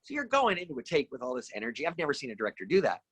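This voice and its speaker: Bright-voiced middle-aged man telling stories. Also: mid-range voice, racing, husky, no room sound. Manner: animated anecdotes with lively acted-out quotes. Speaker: guest actor. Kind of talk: casual podcast storytelling.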